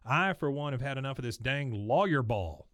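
A man's voice: medium pitch, expressive, normal speed, a bit bright, no room sound, lightly acted. A man voicing a fed-up boy who bluntly rallies his soccer teammates.

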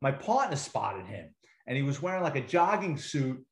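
A man's voice: medium pitch, sing-song, moderate pace. A middle-aged man, a retired police detective, casually telling anecdotes and acting out quoted dialogue, with casual swearing. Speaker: interview guest, retired police detective and author. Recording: roomy echo.

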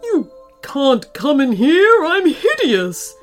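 A woman voicing a sad, lonely, shy monster who hides in the dark, speaking slowly and mournfully in a storybook reading. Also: high-pitched, wildly swooping pitch, faint music behind, voice pushed up, exaggerated voice. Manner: slow, mournful, withdrawn.

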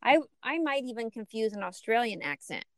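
Curious woman podcast co-host, higher voice. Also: very animated, fairly quick, a bit bright, no room sound. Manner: curious, asks questions, teasing. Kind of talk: casual chat.

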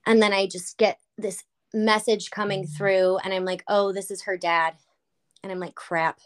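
A woman's voice: mid-range voice, moderate pace. A woman podcast host in casual chat, telling stories animatedly with lots of fillers. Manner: animated storytelling with many fillers.

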